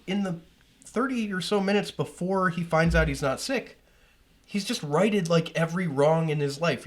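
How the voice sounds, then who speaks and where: A young adult man co-hosting a casual podcast, rambling and swearing freely as he talks through movies. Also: on the high side. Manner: rambling, profane, animated retelling of movie scenes. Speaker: podcast co-host. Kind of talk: casual chat.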